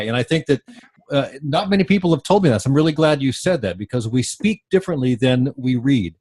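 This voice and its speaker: An older man hosting an interview, his voice sitting at an ordinary middle pitch. He rambles through long sentences with plenty of restarts and fillers. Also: lively intonation, brisk, a little mellow. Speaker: podcast host. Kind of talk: interview conversation.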